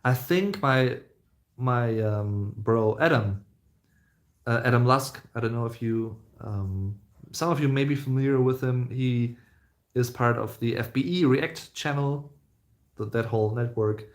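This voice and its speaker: A man's voice: medium pitch, a little slow. Chatty man live streaming. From Germany. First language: German. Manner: chatty, rambling, with many fillers and restarts. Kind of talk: casual live-stream Q&A chat.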